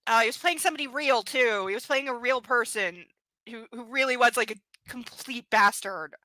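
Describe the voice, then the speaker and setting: A woman's voice: a little high, moderate pace, pushed and bright, dry recording. A young adult woman doing a live reading of a book, breaking off into mocking, sarcastic commentary. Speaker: reader and commentator.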